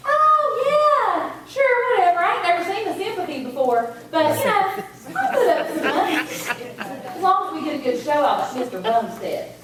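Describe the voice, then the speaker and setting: A woman's voice: very high voice, very animated, normal speed. An actress playing a brash, giddy lottery-winner woman, giggling and mangling words in a live dinner-theatre comedy. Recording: echoey room from far off, crowd noise.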